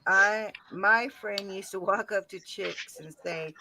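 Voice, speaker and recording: Woman hosting a stream, slow and easy, calls out viewers by name, noisy background. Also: fairly low pitch, little pitch movement. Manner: chatty, greets viewers by name. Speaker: game show host. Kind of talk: casual live-stream game hosting.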